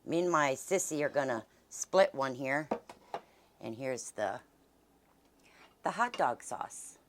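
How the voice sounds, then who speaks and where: A woman's voice: rumbling low, animated, takes it slowly, a little hiss or hum. A middle-aged woman, chatting homily as she hosts her cooking vlog and eats along. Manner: homey, chatty, talks while eating. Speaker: cooking channel host. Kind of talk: casual cooking vlog chat.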